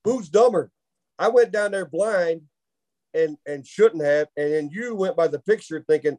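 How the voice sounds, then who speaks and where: Guy on a podcast, kinda high voice, telling a funny story and cracking himself up. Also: a little slow. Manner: animated storyteller who laughs through his own tale. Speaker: podcast co-host. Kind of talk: casual storytelling chat.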